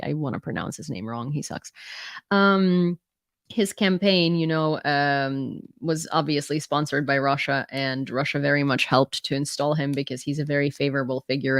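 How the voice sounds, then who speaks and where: A woman's voice: low-pitched, fairly bright tone, no echo, clean studio sound. A woman from Ukraine, reading out news reports and adding candid, chatty comments of her own. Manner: candid, chatty asides between read-out reports.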